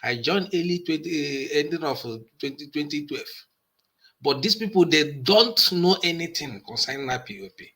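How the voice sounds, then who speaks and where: A man speaking as a guest on a talk show, halting often with uh pauses. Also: fairly high pitch, animated, bright, forceful tone. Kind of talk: call-in discussion.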